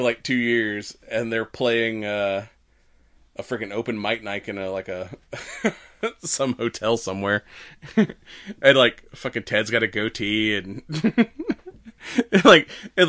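A podcast co-host recaps a movie casually and ramblingly, laughing often, swearing, and acting out the characters' lines. His mid-range voice is a little slow, with a bright, forceful tone.

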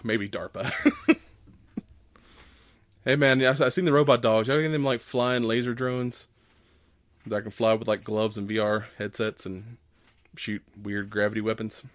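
A man's voice: lowish voice, fairly even intonation, measured pace, long pauses, dry recording, clean studio sound. A man in casual podcast chat who laughs often and swears while retelling movie scenes with animation. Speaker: podcast co-host.

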